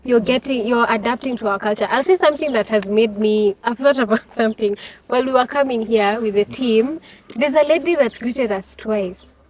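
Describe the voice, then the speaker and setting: Woman host, lively storytelling, higher pitch, slightly off-mic. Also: normal speed, a little hiss or hum. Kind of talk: casual interview chat. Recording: voice a bit far from the mic.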